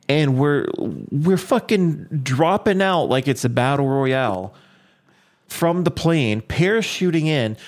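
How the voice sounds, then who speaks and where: Excitable, cursing man talking games. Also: medium pitch. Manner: excitable, swears freely, voice jumps when worked up. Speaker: podcast co-host. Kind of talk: casual gaming chat.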